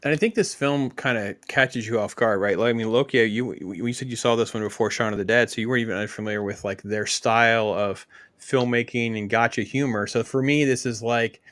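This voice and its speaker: A man's voice: mid-range voice, steady tone, fairly quick, fairly bright tone, dry recording, studio quality. A man hosting a casual film discussion, enthusiastic and steering the talk. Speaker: host of a film discussion stream.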